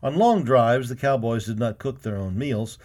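A man reads a western children's story aloud with a warm, mellow tone. He narrates at an ordinary pitch and gives the characters voices as he goes. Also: moderate pace. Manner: lively, voicing each character.

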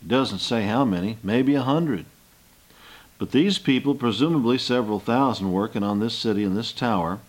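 An older man preaching from the Bible in an easygoing, folksy manner. His voice sits at an ordinary middle pitch as he reads scripture and then spins it into homely scenes. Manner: folksy storytelling, acts out scenes with rising voice. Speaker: Bible teacher. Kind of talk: sermon with Bible reading.

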